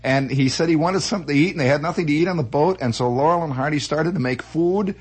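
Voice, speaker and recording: A man telling comic stories in a rambling, animated way, full of restarts and acted-out voices. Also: fairly high pitch, fast, slightly rough. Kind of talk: comic storytelling monologue.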